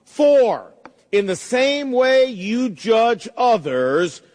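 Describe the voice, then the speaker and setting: A man with a notably high voice delivers an emphatic sermon, quoting scripture and speaking straight to his congregation. His words ring out with a long reverb, as in a large church sanctuary. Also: animated, very slow, a little mellow. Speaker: pastor.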